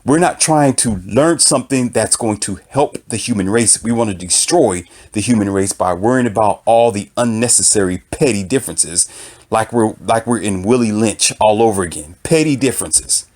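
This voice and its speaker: A man's voice: on the low side, moderate pace, darkish tone. A man delivering an impassioned opinion monologue, emphatic and repetitive, almost preaching. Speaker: author and commentator.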